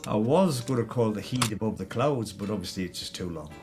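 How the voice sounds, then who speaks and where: A man's voice: fairly low pitch, animated, brisk. A man from northeast England with a Geordie accent, chatting casually and joking on his live vape stream, laughing often. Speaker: vape channel host. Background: background music.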